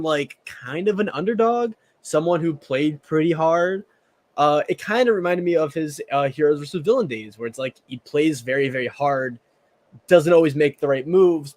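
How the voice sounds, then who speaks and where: Co-hosting a podcast, a man with a Southern American accent chats casually in a voice on the high side, a little mellow. He frequently repeats words as he gets a sentence going.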